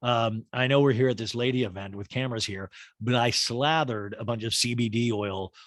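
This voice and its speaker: A man's voice: medium pitch, brisk, fairly bright tone, dry recording, clean studio sound, close to an everyday voice. A man doing a spacey tipsy woman.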